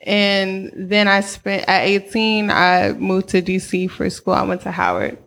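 A woman's voice: medium pitch, a little slow, a bit bright, a little hiss or hum. Candid New York woman, slangy and laughing. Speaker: guest. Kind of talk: casual interview storytelling.

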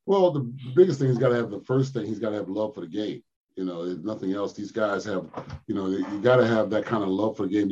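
An older man from Philadelphia, a former pro basketball player, telling animated stories in an interview. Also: on the low side, breathy edge, dull audio. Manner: animated storyteller, acts out quotes with laughs. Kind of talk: storytelling interview.

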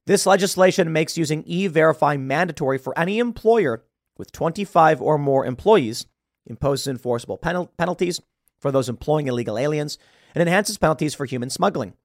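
A man's voice: a little high, animated, a little fast, no echo. Brief: man, podcast host, sarcastic news commentary, dry recording. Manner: sarcastic, stumbles over words. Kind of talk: political commentary, reading news aloud.

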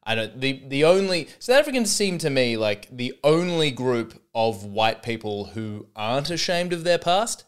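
A man's voice: medium pitch, very animated, normal speed, hardly any pauses, clear, resonant tone. An Australian man hosting a comedy podcast, talking in a rambling, sarcastic, self-mocking monologue.

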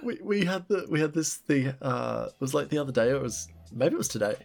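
A man's voice: medium pitch, animated, brisk, creaky, darkish tone, faint music behind. A man co-hosting a casual podcast, rambling and laughing as he talks about his kids. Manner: laid-back, rambling, laughs often. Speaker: podcast co-host. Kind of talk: casual chat.

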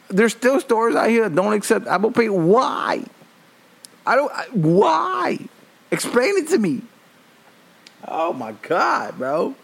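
Raspy higher-voiced man telling funny stories. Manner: animated, profane, laughing at his own jokes. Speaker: host. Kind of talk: comic storytelling monologue.

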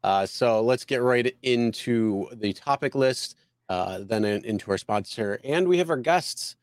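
A man's voice: mid-range voice, expressive, measured pace, no echo, clean studio sound. A man co-hosting a casual live show, talking loosely with lots of fillers and restarts. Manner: rambling, many fillers and restarts. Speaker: co-host.

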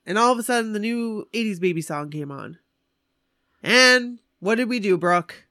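A woman telling a concert story in animated, gushing casual chat. Her voice sits at a middle pitch and sounds dry and close, with no room around it. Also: normal speed, no echo.

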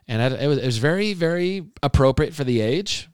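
A man's voice: on the high side, animated, fairly quick, clear, resonant tone, dry recording, studio quality. A middle-aged man hosting a parenting podcast, talking earnestly and casually with frequent restarts. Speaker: podcast host and parenting speaker.

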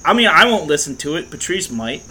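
A man's voice: fairly high pitch, big pitch swings, a little fast, noisy background. A man co-hosting a podcast in casual chat, blunt, sardonic and heavy on swearing. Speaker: podcast co-host.

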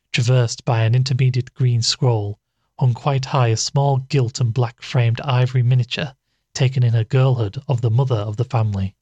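Husky male storyteller, dry close sound. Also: mid-range voice, darkish tone, dry recording. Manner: measured storytelling. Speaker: narrator. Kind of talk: scripted narration of a ghost story.

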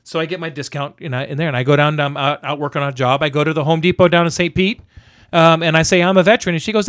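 A man telling a story in casual chat, animated and cursing, acting out both sides of a conversation. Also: a little high, quick pace, dry recording, clean studio sound. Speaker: veteran guest telling a story.

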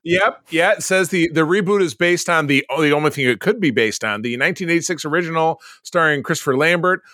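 A man's voice: on the high side, brisk, sharp tone. A man co-hosting a podcast, rambling through movie news in casual chat, with frequent fillers and restarts. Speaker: podcast co-host.

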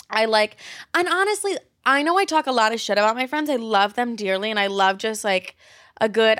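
A woman's voice: mid-range voice, fairly bright tone, no echo, studio quality. A young adult woman hosting her own podcast, talking candidly and casually with lots of "like" and frequent swearing. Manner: candid, swears a lot, chatty filler "like". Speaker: podcast host. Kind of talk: casual solo podcast chat.

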